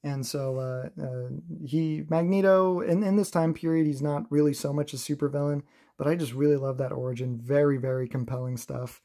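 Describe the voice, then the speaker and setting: A man recapping a comic book in a casual, chatty review, laughing often and filling pauses with "uh". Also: on the high side, steady tone, mellow.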